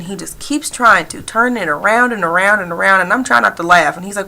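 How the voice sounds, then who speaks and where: Here a woman interprets a signed personal story aloud, with a creaky, sharp, mid-range voice. She stumbles and repeats herself, filling pauses often.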